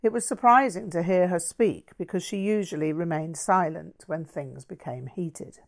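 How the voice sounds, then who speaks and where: A woman narrating a first-person memoir aloud in a dry, wry, measured way. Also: on the low side, vocal fry. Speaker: audiobook reader.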